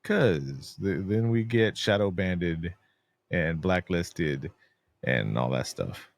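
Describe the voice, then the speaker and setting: Man from San Antonio, podcast co-host, blunt ranter, low voice. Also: animated, takes it slowly, creaky. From San Antonio, Texas. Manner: ranting, blunt, swears freely. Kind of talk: casual chat.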